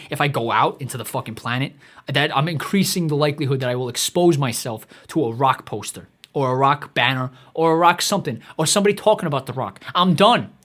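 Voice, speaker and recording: A man delivering a profane comedic rant in a rapid, exasperated, swearing tirade. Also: fairly high pitch, fairly bright tone. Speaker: comedic ranter.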